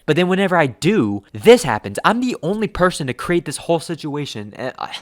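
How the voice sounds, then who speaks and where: Soft-spoken young man ranting. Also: fairly high pitch, very animated, fairly quick, no room sound, clean studio sound. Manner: soft-spoken, self-conscious and rambling. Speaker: storytime vlogger. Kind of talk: storytime rant.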